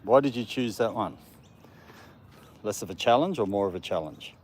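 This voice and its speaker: A man's voice: lowish voice, lively intonation, normal speed. A man, chatting casually on a live stream while he walks his dog in a park and talks to it. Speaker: vlogger walking his dog. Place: outdoors in a park. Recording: faint outdoor background noise.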